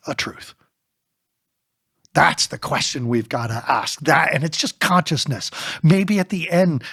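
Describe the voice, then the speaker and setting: A man co-authoring a book, talking in an animated way in a podcast discussion and firing off rapid rhetorical questions. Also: mid-range voice, slightly rough, no echo, studio quality. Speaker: co-author and speaker.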